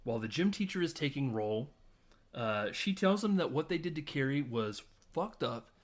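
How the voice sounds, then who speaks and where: A man's voice: mid-range voice, expressive, moderate pace. A man co-hosting a film podcast, recapping scenes in casual chat and acting out the characters' lines. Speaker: podcast co-host.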